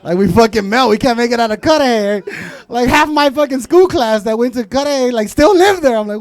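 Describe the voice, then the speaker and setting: A young man from Southern California doing a stand-up comedy set with loud, crude crowd work and Spanish asides. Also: extremely high pitch, animated, fairly quick, hardly any pauses.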